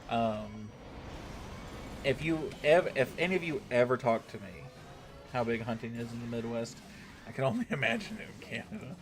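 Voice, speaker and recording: A man's voice: mid-range voice, expressive, normal speed, a little hiss or hum. A man hosting a gaming livestream, chatting loosely with his viewers. He rambles, swears freely and keeps checking in with "right?". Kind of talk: casual chat with a live audience.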